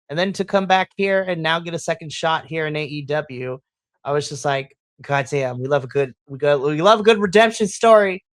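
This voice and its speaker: Excitable, swearing wrestling podcast host. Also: medium pitch, dry recording. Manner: excitable, profane, acts out its own reactions in quotes. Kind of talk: casual wrestling recap chat.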